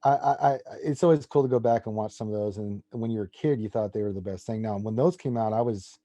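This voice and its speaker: Forties male guest, casual and rambling, warm mellow timbre, dry close sound. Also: on the low side, fast, no room sound. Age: 40s. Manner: enthusiastic comic-book fan, rambling. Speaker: podcast guest. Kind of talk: casual chat.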